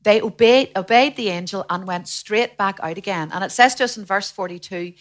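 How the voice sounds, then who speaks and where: A woman preaching a sermon in a lively way, acting out the voices of the people she quotes. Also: mid-range voice, brisk, hardly any pauses. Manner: animated, acts out quoted voices.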